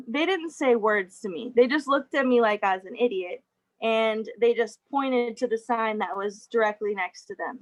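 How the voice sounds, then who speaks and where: A woman's voice: fairly high pitch, moderate pace, poor audio. A young adult woman giving a casual talk as guest speaker, chatty, with frequent laughs and fillers. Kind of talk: casual presentation over a video call.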